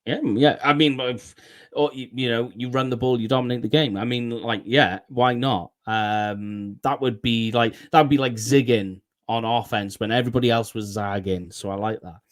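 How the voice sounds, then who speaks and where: A man's voice: medium pitch, steady tone. Easygoing man co-hosting a sports podcast. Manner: easygoing, agreeable, halting. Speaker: podcast co-host. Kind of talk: casual sports chat.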